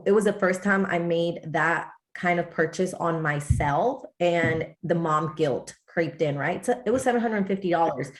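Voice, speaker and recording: A woman's voice: lowish voice, normal speed, hardly any pauses. A woman from Texas, a wellness coach guest, telling her story in a chatty, storytelling way. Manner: chatty storytelling, quotes her own thoughts. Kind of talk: casual interview chat.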